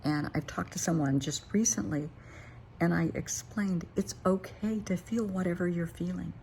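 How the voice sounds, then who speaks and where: An older woman therapist talks straight to her viewers, earnest and encouraging in a plain-spoken way. Her voice sits low and has a gravelly fry to it, with a faint hum of noise behind her. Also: moderate pace, dark tone. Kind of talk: motivational talk to camera.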